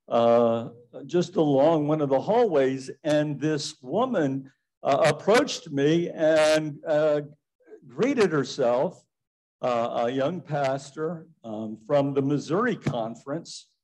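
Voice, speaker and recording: A man's voice: medium pitch, darkish tone, low-quality recording. A male pastor giving a sermon, telling a personal story in a reflective way.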